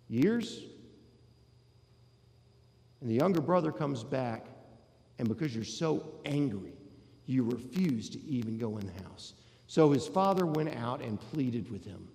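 A man's voice: medium pitch, vocal fry, warm tone. A man preaching a sermon in a conversational way, asking his listeners rhetorical questions. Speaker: pastor. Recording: long hall reverb.

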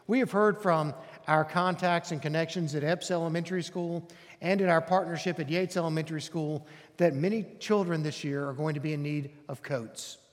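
A man, a pastor making an earnest, inviting announcement to his congregation in a church sanctuary. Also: a little high. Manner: earnest, inviting, emphatic repetition. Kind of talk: announcement from the pulpit. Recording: long hall reverb.

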